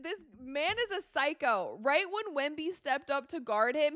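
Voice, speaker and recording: A woman hosting a live watch party, chatting casually, reading viewer comments and reacting with excited outbursts to the plays. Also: high-pitched, measured pace, few pauses, dry recording, clean studio sound. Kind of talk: casual live-stream chat and game reactions.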